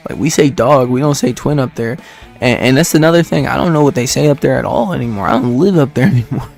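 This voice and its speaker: A man's voice: medium pitch, fast, creaky, a little mellow, soft background music. Rambling man in his twenties, laughing. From Detroit, United States. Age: 20s. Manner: rambling, laughs often, many fillers. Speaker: streamer. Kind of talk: casual chat with stream viewers.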